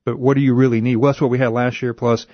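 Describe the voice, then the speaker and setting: A man speaks as a talk radio guest, laying out his points in a calm, measured, explanatory way. His voice sits at an ordinary male pitch. The sound is dry and close, with the dull lo-fi quality of a radio broadcast. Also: no room sound. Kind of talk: policy discussion on talk radio.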